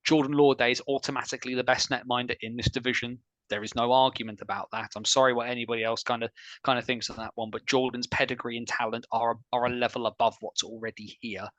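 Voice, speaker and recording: A man hosting a casual sports podcast, chatty and opinionated, with quick asides. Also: mid-range voice, flat delivery, fairly bright tone, no echo, poor audio. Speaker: podcast host.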